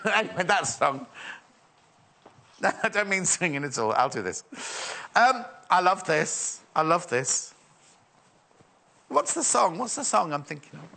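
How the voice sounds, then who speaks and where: A man's voice: high voice, very animated, moderate pace, bright, forceful tone. A man presenting a shopping channel, chatty and rambling, joking and reading out viewer messages. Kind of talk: live shopping channel chat.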